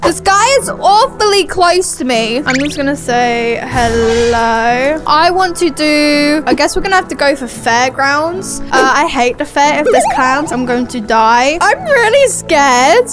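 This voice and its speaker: A young woman with a high, bright voice talks her viewers through a scary game in a jumpy, nervous way. Clear game music plays behind her. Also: lively intonation, unhurried, few pauses. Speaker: gaming YouTuber. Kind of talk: excited gameplay commentary.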